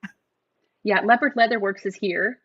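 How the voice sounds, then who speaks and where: A woman's voice: medium pitch, moderate pace, background noise. Friendly woman livestream host, dull sound. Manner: greets chat viewers by name. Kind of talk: casual chat.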